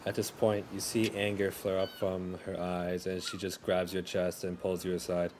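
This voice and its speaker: A man's voice: sits low, flat delivery, normal speed, a little mellow, soft background music. A man narrating as game master in a tabletop game, casual and full of "like" fillers.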